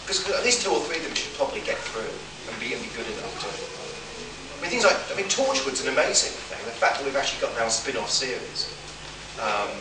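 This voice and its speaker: A man speaking as a writer and guest on a convention panel, chatty and laughing often, with halting restarts. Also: medium pitch, big pitch swings, a loud crowd. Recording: echoey room, far mic, background noise.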